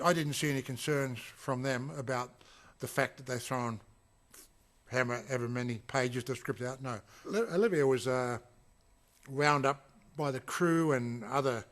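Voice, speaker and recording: A man recalling a film shoot in a casual, rambling way, full of fillers and restarts. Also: a little high. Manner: acts out quotes with sudden loud shouts. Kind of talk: casual anecdotal reminiscence.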